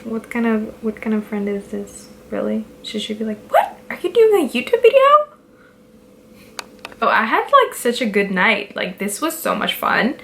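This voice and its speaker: A woman's voice: medium pitch, expressive, normal speed, vocal fry, hardly any pauses, sharp tone, slight background noise. A young woman talking casually to her camera as a beauty vlogger, direct and giggly, filling her talk with "like". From Pakistani roots. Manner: chatty, direct, giggly, lots of "like".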